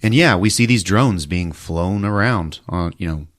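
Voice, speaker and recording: A man with a very low voice hosts a comedy podcast, retelling a film's plot with loose, animated energy. He keeps breaking into squeaky put-on voices for the characters. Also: measured pace. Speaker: podcast host recapping a movie. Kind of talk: comic movie recap.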